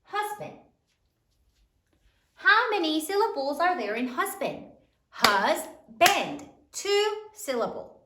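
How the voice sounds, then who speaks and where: A woman teacher giving a slow, sing-song spelling lesson to third graders. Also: very high-pitched, sing-song, echoey room, heavy background noise.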